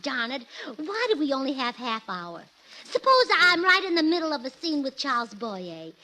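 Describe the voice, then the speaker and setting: A woman's voice: high voice, sing-song, normal speed, bright, forceful tone, low-quality recording. A woman doing 1940s radio comedy, giggly and scatterbrained, on an old broadcast with faint hiss.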